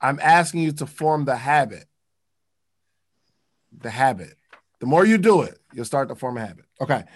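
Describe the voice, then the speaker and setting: A man's voice: medium pitch, expressive, normal speed, pauses often. A man reading passages from a book aloud and breaking in with slangy, casual comments to explain them. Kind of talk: casual teaching talk.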